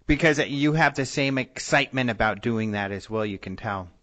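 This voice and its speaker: A man's voice: mid-range voice, moderate pace, fairly bright tone. A man hosting an interview, giving friendly thanks and easy replies. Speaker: interview host. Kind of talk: casual interview chat.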